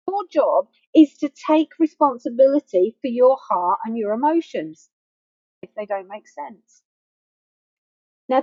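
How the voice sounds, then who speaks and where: Her voice fairly high yet darkish and slightly rough, a middle-aged grief counsellor gives a personal teaching talk, earnest and emphatic, driving points home by repeating phrases. The recording has no room sound but is muffled by a faulty microphone.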